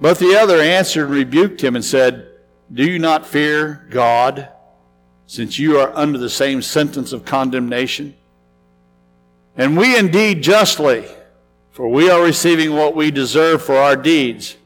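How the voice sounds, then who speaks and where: A man's voice: fairly high pitch, faint music behind. Earnest male preacher in an echoing hall. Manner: earnest, slows and softens on solemn lines. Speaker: pastor. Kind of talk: sermon with scripture reading.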